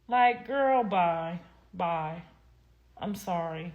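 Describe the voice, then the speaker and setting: Speaking extremely slowly, this livestream host has a slightly high, expressive, fairly bright voice. She's a young adult woman who addresses viewers directly, sassy and blunt, rambling and cursing without restraint.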